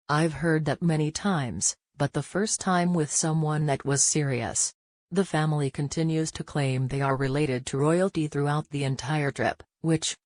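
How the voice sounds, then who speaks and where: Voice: mid-range voice, a little mellow, no room sound, clean studio sound. A narrator reading a scripted gossip recap in a chatty way, adding personal reactions.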